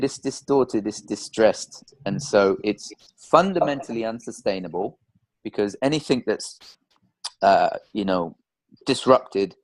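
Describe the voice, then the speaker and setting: A man coaching in a relaxed teaching talk, acting out quoted conversations as he tells stories, with frequent restarts and repeated words. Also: on the low side, rough recording. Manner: animated storytelling, acts out quoted dialogue.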